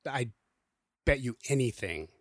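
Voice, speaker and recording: Male co-host, mid pitch, exhortative and warm-humored, close dry mic. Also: expressive, unhurried, no echo. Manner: encouraging, exhortative, lightly joking. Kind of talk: casual podcast conversation.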